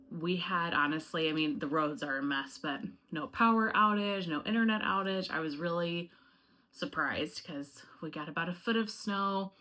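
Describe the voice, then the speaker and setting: Bright-voiced chatty woman vlogger. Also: sits low. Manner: friendly, rambling, talks to viewers directly. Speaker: home fragrance YouTuber. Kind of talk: casual chatty review vlog.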